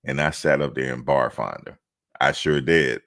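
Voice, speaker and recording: A man from New Jersey telling a travel story to camera in a casual, animated, slangy way, repeating himself for emphasis. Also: extremely low pitch, normal speed.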